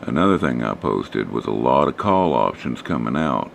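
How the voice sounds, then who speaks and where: A man, hoarse and losing his voice, casually talking through stock charts for a live stream audience. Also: a bass voice, normal speed, a little hiss or hum. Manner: relaxed, rambling, talks to chat viewers.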